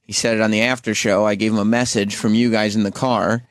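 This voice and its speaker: A man's voice: lowish voice, flat delivery, fast talker, no room sound, studio quality. A man on a radio talk show, chiming in with amused, teasing remarks. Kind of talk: casual radio banter.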